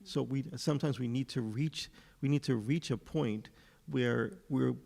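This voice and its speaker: A man's voice: medium pitch, a little slow, gravelly, a little mellow. A man in a class discussion, speaking hesitantly and reading a passage aloud. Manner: hesitant, many fillers and restarts. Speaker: class participant. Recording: reverberant hall.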